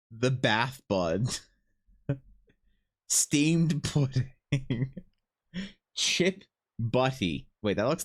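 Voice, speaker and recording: A man from Ukraine chatting casually on a livestream, riffing with mock outrage and plenty of swearing as he reads. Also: medium pitch. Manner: animated, profane, mock-outraged riffing while reading. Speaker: streamer.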